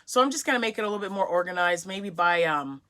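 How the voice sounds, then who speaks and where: Gushing woman with a bright voice. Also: on the low side, fast. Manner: gushing and excitable, drops to soft whispers over yarn. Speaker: crochet vlogger. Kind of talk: casual chat, unboxing happy mail. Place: home craft room at her desk. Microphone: phone on a mini tripod.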